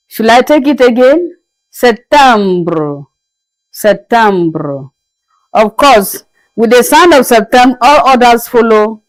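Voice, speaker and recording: Patient female language teacher, slow deliberate delivery, dry recording. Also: fairly high pitch, no echo, low-quality recording. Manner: patient, repeats each word slowly. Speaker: French teacher. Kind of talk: slow spoken language lesson.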